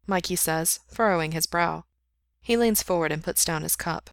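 A woman reads a story aloud in a steady, intimate way, her low voice carrying a gravelly fry. The recording is dry and close, with no room sound. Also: normal speed, dry recording. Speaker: story reader. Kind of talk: reading fan fiction aloud.

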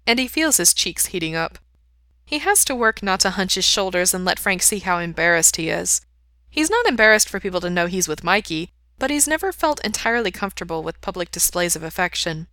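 Bright-voiced woman reading a story aloud. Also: fairly low pitch, moderate pace, dry recording. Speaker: reader. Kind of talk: fan fiction read aloud.

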